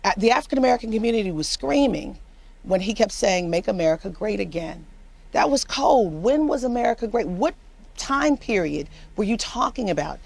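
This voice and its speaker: A woman's voice: mid-range voice, lively intonation, a little fast, creaky, a little mellow. A woman political commentator speaking with emphatic passion on a news panel, often repeating words as she presses her point. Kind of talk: impassioned panel discussion.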